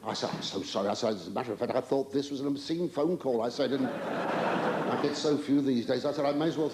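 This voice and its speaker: An older man doing live stand-up comedy in a large theatre, camp and rambling, with drawn-out exclamations and stammering asides. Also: medium pitch, darkish tone. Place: large theatre stage with an audience. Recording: roomy live theatre recording with audience noise.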